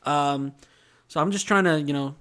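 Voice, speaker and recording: Animated man telling a story. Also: fairly high pitch, moderate pace, clear, resonant tone. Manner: animated storyteller, acts out quoted voices. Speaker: podcast co-host. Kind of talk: casual chat, storytelling.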